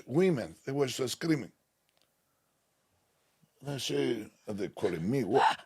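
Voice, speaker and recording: An older man, a DJ guest telling stories in broken English with animated, emphatic repetition. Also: medium pitch, a little slow, pauses often, husky. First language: Greek. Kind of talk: storytelling interview chat.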